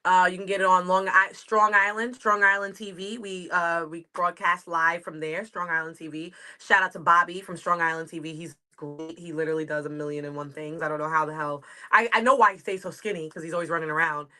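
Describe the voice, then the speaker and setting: A woman's voice: lowish voice, steady tone, fairly quick, hardly any pauses, bright, forceful tone. A woman from the United States with a New York accent, a comedian chatting as a guest on a video-call interview, rambling and easy to laugh. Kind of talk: casual interview chat.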